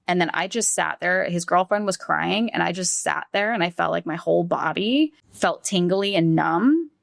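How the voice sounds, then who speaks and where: Gravelly-voiced woman telling a painful story. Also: lowish voice, expressive, dry recording, clean studio sound. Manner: halting, heavy use of "like", acts out quoted voices. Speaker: podcast guest. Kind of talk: emotional conversational storytelling.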